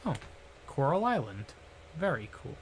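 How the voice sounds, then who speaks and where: A male streamer talks alone at an easygoing, unhurried pace and rambles as he works. He drifts into playful silly noises and goofy asides. A faint room hum sits under his desk mic. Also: on the high side, big pitch swings. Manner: rambling, playful, hums and makes silly noises while working. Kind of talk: casual solo stream chatter.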